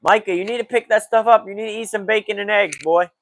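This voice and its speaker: A man's voice: high voice, fairly even intonation, fast, vocal fry, fairly bright tone, poor audio. A man hosting a casual livestream sports talk podcast, chatting loosely in slang and greeting viewers by name. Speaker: podcast host.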